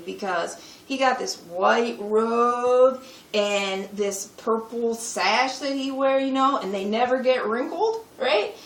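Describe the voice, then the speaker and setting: Comic character: a woman doing a sassy, churchgoing young woman with a high, sharp voice and heavy slang, recorded in an echoey room from a distance. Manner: sassy, exaggerated street slang. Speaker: skit performer. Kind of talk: live comedy skit monologue. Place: retreat meeting room.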